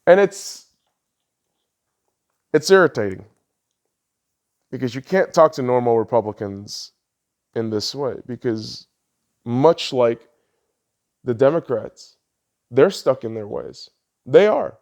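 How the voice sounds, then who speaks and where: A man hosting a podcast, ranting heatedly and swearing often, his voice lurching between loud outbursts and low mutters. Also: expressive, takes it slowly, long pauses. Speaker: podcast host. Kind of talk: ranting political commentary.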